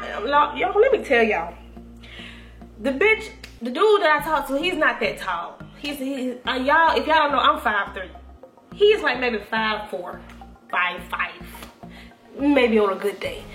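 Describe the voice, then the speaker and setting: Young woman, animated storyteller, slangy and profane, echoey room. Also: fairly high pitch, normal speed. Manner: animated, profane, slangy, quoting herself and others. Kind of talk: casual storytime to viewers. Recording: echoey room with faint music.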